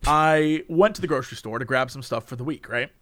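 A man's voice: mid-range voice, brisk, a bit bright. A man telling a funny story in a casual chat, laughing often and acting out the people he quotes. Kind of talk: casual anecdote.

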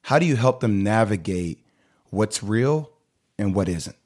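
A male host with a fairly low voice, chatting with a guest. He is candid and enthusiastic, opening up about his own life as he asks questions. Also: animated, a little slow, a little mellow. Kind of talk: casual interview chat.

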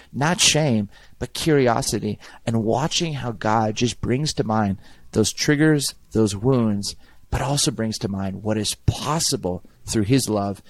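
A man's voice: mid-range voice, vocal fry, no room sound. A middle-aged man, a pastor, talking earnestly and reflectively in a podcast conversation, often repeating words as he thinks.

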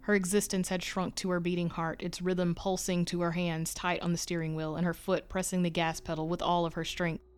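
Woman narrator for a horror audio story, slightly low voice, steady suspenseful telling. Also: fairly quick, few pauses, smooth. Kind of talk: scripted narration.

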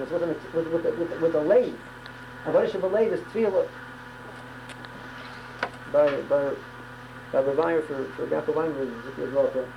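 A woman's voice: low-pitched, mellow, slight background noise, poor audio. A woman teaching a religious class on prayer, talking emphatically and often repeating words and restarting phrases. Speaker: Torah teacher.

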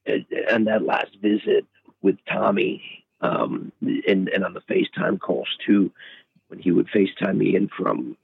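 A man calling in, reflecting hesitantly with many pauses and fillers, heard over a phone line. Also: on the low side, creaky, breathy edge, no echo. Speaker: guest on a call. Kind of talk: reflective remembrance.

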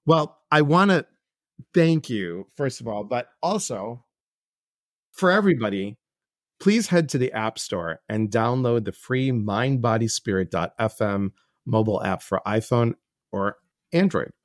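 This middle-aged man, a podcast host and life coach, speaks at a measured pace and medium pitch in a clean, roomless studio setting. Chatting casually with his guest, he tells earnest, animated stories and acts out what others said.

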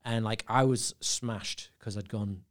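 A man's voice: lowish voice, fairly even intonation, unhurried. A young man casually telling a long, rambling story on a podcast, full of fillers and laughter. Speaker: podcast guest.

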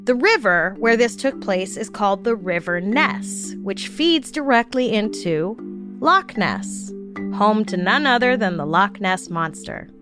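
Woman, podcast host, scripted storytelling, wry jokey asides, mid pitch, soft background music. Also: lively intonation, unhurried, hardly any pauses.

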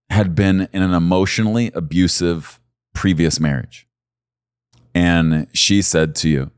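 A man preaching a sermon as pastor, swinging from low, quiet stretches to loud, high emphasis. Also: dry recording, studio quality.

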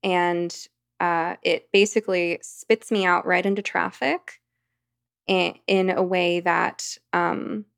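Gravelly-voiced woman telling a story. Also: lowish voice, steady tone, slow pace, a bit bright, no echo, clean studio sound. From United States. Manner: rambling, vivid anecdotal storytelling with fillers. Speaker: podcast guest. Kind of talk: storytelling in conversation.

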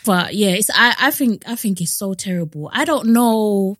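A woman's voice: medium pitch, lively intonation, moderate pace, a bit bright, no room sound, clean studio sound. A woman co-hosting a podcast, chatting casually, laughing often and sharing frank opinions. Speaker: podcast co-host. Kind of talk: casual chat.

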